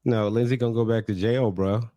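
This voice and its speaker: A man's voice: fairly low pitch, steady tone, fairly quick, mellow, dry recording. A man co-hosting a podcast in casual chat, making blunt, short quips and teasing his co-host.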